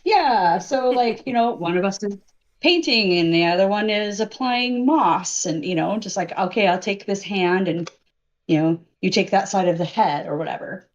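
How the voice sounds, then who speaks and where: A woman's voice: medium pitch, expressive, moderate pace, lo-fi sound. A woman, a makeup and effects artist, talking in a casual interview, hesitant and full of "um"s. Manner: hesitant, many "um"s and restarts.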